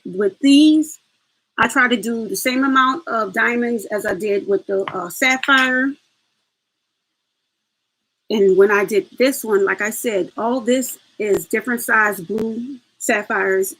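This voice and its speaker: Woman, husky, mid pitch, chatty tutorial host, casual demonstration. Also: a bit bright, low-quality recording. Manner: chatty, laughing asides, talks to viewers as "y'all".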